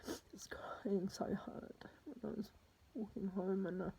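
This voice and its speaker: Woman, very breathy, gravelly voice, distraught, rambling, profane, slips into whispers. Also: mid-range voice, measured pace, dark tone, poor audio. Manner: drops to a husky whisper. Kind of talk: personal spoken diary.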